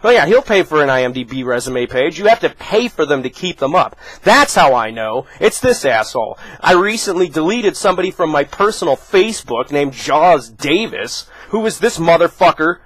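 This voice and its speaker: A man's voice: on the high side, sing-song, normal speed, hardly any pauses, fairly bright tone, husky, no room sound, low-quality recording. A man vlogging an angry, profane rant aimed at another person. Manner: furious, profane, confrontational.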